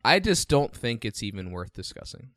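A man co-hosting a podcast, making deadpan, dry jokes in casual banter. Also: mid-range voice, normal speed, dry recording. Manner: deadpan, dryly joking. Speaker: podcast co-host.

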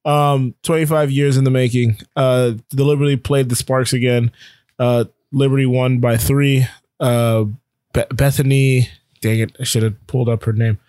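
A man's voice: medium pitch, level tone, moderate pace, a little mellow, clear, resonant tone, dry recording, clean studio sound. A young man co-hosting a sports podcast, chatty and teasing, often restarting his sentences. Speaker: podcast co-host. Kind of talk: casual sports chat.

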